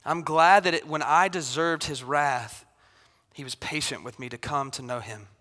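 A man's voice: fairly high pitch, moderate pace, bright, forceful tone. Preaching man in a reverberant hall. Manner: conversational preaching, acts out quotes with rising intensity. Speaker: pastor. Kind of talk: sermon.

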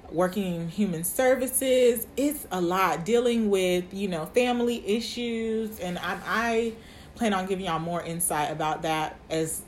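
A woman's voice: on the low side, slight background noise. A woman in her twenties hosting her podcast, talking candidly and casually to her listeners. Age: 20s. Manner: candid, chatty, uses y'all. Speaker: podcast host. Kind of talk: casual monologue.

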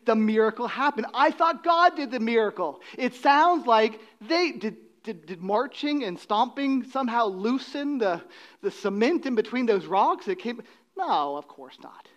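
A man preaching a sermon, swinging between loud, emphatic lines and hushed, quiet drops. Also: very high voice. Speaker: pastor.

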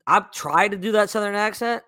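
A man co-hosting a casual sports talk show, excitable and animated, often repeating words as he goes. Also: sits high, brisk, dry recording, clean studio sound. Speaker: podcast co-host.

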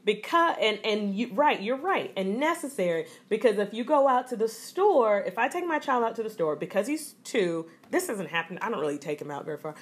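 A woman's voice: medium pitch, sing-song, brisk, hardly any pauses. A woman from the American South, an older mother of a toddler, co-hosting a podcast in a reflective, rambling way with restarts. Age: older mom of a toddler. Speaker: podcast co-host. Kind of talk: casual podcast chat.

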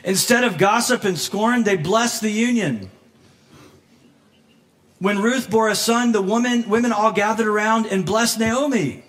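A man preaching a sermon as pastor, conversational and animated, laughing often and acting out quoted voices, moved close to tears at times. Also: sits high, a little slow. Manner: emotional, near tears at moments.

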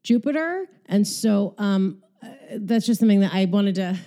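A woman's voice: mid-range voice, expressive, normal speed, mellow. A woman hosting a candid, profane, rambling monologue while she exercises, out of breath.

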